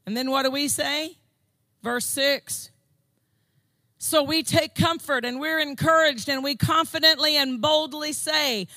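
A woman preaching a fervent sermon, repeating phrases and building to shouted declarations. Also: high voice, moderate pace, dry recording. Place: church service.

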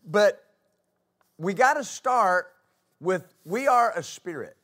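A man's voice: high-pitched, animated, slow, a bit bright. A man preaching a sermon as pastor, reading scripture aloud and asking his congregation rhetorical questions. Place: church.

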